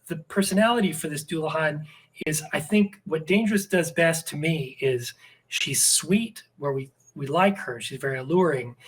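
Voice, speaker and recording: Husky-voiced man chatting casually. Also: fairly high pitch, fairly bright tone, rough recording. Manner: rambling, many restarts and fillers. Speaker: podcast guest, script writer. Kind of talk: casual podcast chat.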